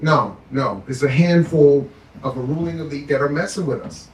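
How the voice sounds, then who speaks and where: A fired-up, sarcastic man talking politics with a fairly high voice. He sits off the mic, so his voice rings in a roomy space. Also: moderate pace, distant mic. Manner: fired-up, sarcastic, mocks the powerful in put-on voices. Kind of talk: impassioned political talk.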